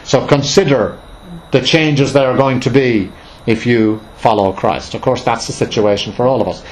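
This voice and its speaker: A man's voice: medium pitch, moderate pace, slight background noise, low-quality recording. A man leading an informal Bible study, reading scripture aloud and explaining it in a conversational, emphatic way with many fillers and restarts.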